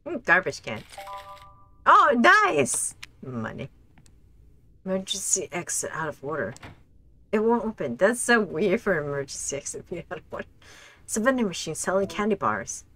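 A woman streaming a game, reacting out loud as she plays, talking to herself and laughing often. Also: mid-range voice, sing-song, normal speed, pauses often. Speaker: gaming streamer. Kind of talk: casual let's play commentary.

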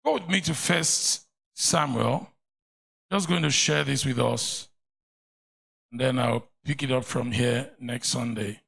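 Gravelly Nigerian man preaching. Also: medium pitch, slow, pauses often. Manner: animated, mocking and preachy. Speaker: pastor. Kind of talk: sermon. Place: church.

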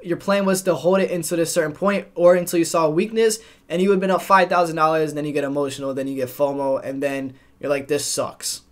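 A man's voice: on the high side, steady tone, fast, few pauses. A young man directly coaching viewers on trading discipline, talking to the camera in a plain, instructive way. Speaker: trading educator. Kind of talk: scripted narration.

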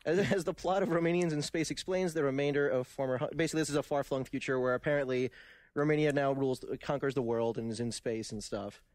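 A man's voice: medium pitch, fairly even intonation, quick pace, a little mellow, no room sound. A man co-hosting a gaming podcast, reading news items with frequent laughs and stumbling repeats. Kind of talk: casual podcast chat.

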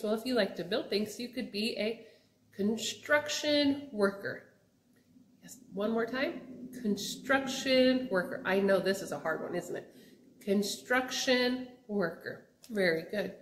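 A young woman teaching children job words, asking them to repeat each word in a slow, sing-song way. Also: mid-range voice, a little hiss or hum. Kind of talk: children's vocabulary lesson. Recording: echoey room.

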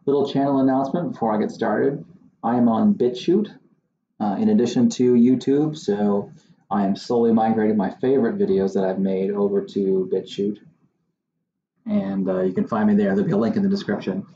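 A man's voice: on the low side, fairly even intonation, moderate pace, warm tone, roomy sound, lo-fi sound, slight background noise. A man who hosts his own channel as a surveyor, talking casually to the camera in a wry, exasperated way. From Southern Maine. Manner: wry, exasperated, mocking impressions of others.

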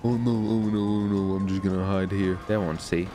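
A man giving excited, chatty commentary on his own gameplay as a streamer, giggling and narrating each move. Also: sits low, moderate pace, music in the background. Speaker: streamer playing a roleplay game.

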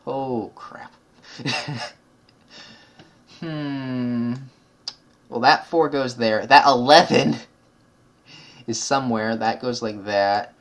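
A man's voice: medium pitch, a bit bright. A man giving casual gameplay commentary, muttering numbers under his breath while solving puzzles and correcting himself as he thinks aloud. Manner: chatty asides, self-correcting. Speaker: gaming video creator.

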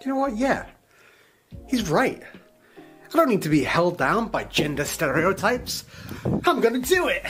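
A young man in a casual selfie video, excited and swearing. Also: high voice, a little slow, pauses often, faint music behind. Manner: excited, profane.

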